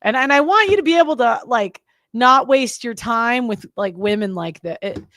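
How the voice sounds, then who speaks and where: A woman's voice: fairly high pitch, lively intonation, moderate pace, a bit bright. A young woman hosting a podcast, talking in a blunt, rambling, casual way with lots of fillers and restarts. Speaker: podcast host. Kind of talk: casual opinionated monologue.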